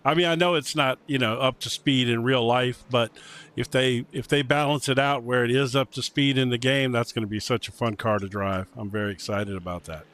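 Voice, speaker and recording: A man from the United States giving relaxed color commentary on a sim race, rambling with ums and you-knows. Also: mid-range voice, a little fast. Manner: chatty, rambling with um and you know.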